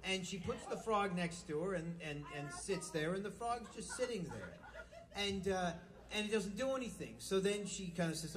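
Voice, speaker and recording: A man's voice: high-pitched, expressive, moderate pace. A man doing live stand-up, telling dirty jokes in a rambling way with stumbling restarts and chuckles between lines. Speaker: stand-up comedian. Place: live music venue. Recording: live club recording with audience noise.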